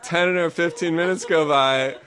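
A man's voice: on the high side, steady tone, moderate pace, a bit bright. A man telling a personal story to a live audience, chatty and self-amused, laughing often and peppering his speech with fillers.

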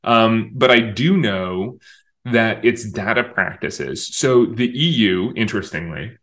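A communications director, guesting in a conversational interview, explains his views in a talkative, emphatic manner and frequently restarts sentences. His voice is lowish, expressive, slow-paced, and a bit bright.

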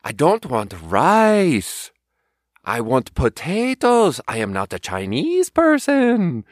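A man voicing a blunt ninety-year-old German man, speaking slowly and stiffly. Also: a little high, wildly swooping pitch, no room sound, studio quality, voice pushed up, full character voice. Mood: indignant.

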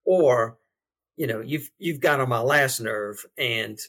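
A man being interviewed as a guest on a podcast, speaking in a halting, reflective way with frequent restarts. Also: mid-range voice, fairly bright tone. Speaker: podcast guest, behavior change specialist. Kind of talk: interview conversation.

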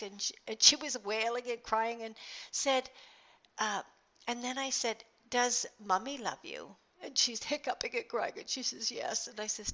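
A woman's voice: a little high, fairly bright tone, dull audio. Earnest middle-aged woman podcast host. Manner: earnest storytelling with many restarts and fillers. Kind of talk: motivational podcast monologue.

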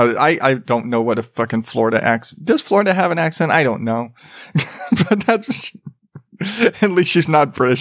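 Male podcast host, casual comedic rant, mocking and profane, slightly high pitch, dry recording. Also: no room sound. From Arizona, US. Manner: laughing, profane, rambling, mocking.

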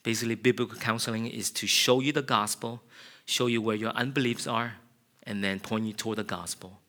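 A man's voice: on the low side, steady tone, a little fast. A man preaching an earnest, confessional sermon. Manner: earnest, confessional, builds to loud passionate shouting. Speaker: pastor.

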